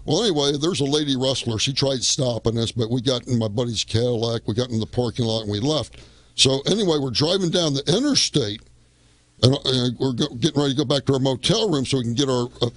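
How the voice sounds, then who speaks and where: A man of middle pitch tells a story as a radio guest, rambling along and looping back with "well, anyway". The sound is dry and close, with no room around it. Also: no room sound. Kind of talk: casual storytelling.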